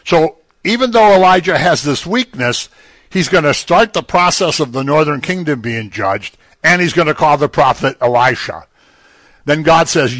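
A man's voice: a little high, expressive, normal speed, a bit bright, no room sound. Dry-voiced man preaching conversationally. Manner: conversational teaching, rising emphatically on key phrases. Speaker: pastor. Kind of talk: sermon.

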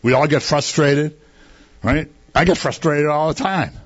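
A man's voice: on the high side, unhurried, highs cut off. A man preaching a sermon in a conversational way, asking his listeners rhetorical questions.

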